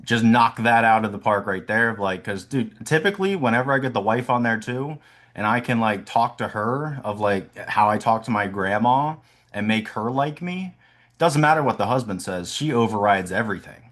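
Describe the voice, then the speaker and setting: Chill, low-voiced young salesman. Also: expressive, normal speed, fairly bright tone. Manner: low, laid-back and chill. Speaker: insurance sales agent. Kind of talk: casual chat.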